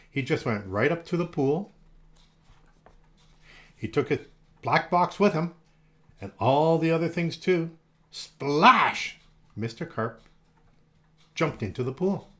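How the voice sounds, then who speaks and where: Male storyteller, children's book, gentle and expressive, animated pitch. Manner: gentle, expressive, slowed for effect.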